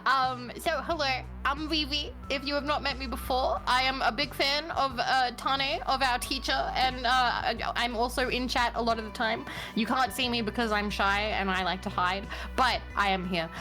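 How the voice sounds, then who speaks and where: A woman's voice: fairly high pitch, steady tone, moderate pace, hardly any pauses, sharp tone, faint music behind. A woman with an Australian accent chatting playfully as a guest on a game stream, giggling and teasing often. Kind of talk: casual game stream chat.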